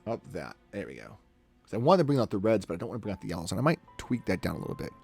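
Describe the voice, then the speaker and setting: A man's voice: lowish voice, sing-song, rapid-fire, gravelly, darkish tone, breathy edge, soft background music. A man chatting casually on a live stream as he edits photos and talks himself through each step.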